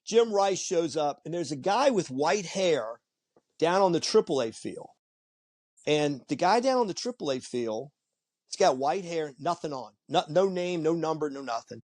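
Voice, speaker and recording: A man hosting a casual podcast chat, telling stories with lively acted-out quotes. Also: fairly high pitch, moderate pace, no echo, clean studio sound. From Virginia Beach, US. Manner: animated storyteller who acts out quoted voices. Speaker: podcast host. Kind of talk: casual conversation.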